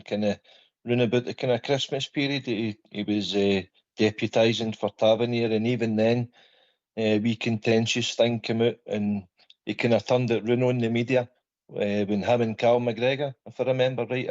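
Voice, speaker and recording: A man's voice: mid-range voice, steady tone, normal speed, darkish tone, no room sound, dull audio. A Scottish man calling in to a fan radio show, telling a story in a chatty way. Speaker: caller. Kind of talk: phone-in chat.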